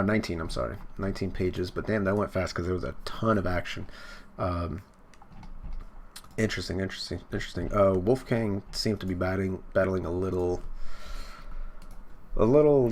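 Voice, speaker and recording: A man with a deep, vocal-fry voice reads through a manga chapter and reacts to it casually for his channel. He rambles, uses lots of fillers and swears offhandedly, with a little hiss or hum in the audio.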